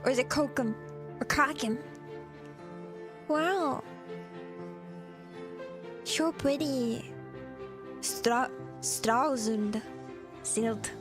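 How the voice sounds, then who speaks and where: Woman streamer, high voice, unhurried, giggly, casual reaction chat, music playing behind. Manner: giggly, sounding out place names. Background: background music.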